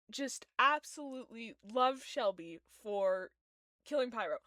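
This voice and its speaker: A woman's voice: medium pitch, slow pace, long pauses, fairly bright tone, dry recording, studio quality. A young woman chatting casually while she draws fan art, emotional and gushing, groaning and squealing. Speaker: streamer drawing fan art. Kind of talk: casual chat while drawing.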